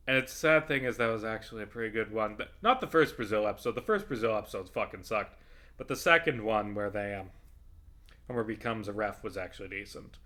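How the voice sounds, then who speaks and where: A man with a bright, forceful voice gives loose, rambling commentary while he plays a video game. He swears a lot and drifts from easygoing chat into fired-up rants. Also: on the low side, fast talker. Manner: rambling, profane, swings into heated ranting. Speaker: vlogger playing a video game. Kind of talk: casual gameplay commentary.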